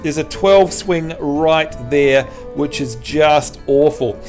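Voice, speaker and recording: Speaking slowly in a voice on the high side, a Kiwi streamer with a hint of Australian in his accent chats with viewers and narrates a card game. Music runs in the background, and his lively, talkative manner lifts whenever excitement hits.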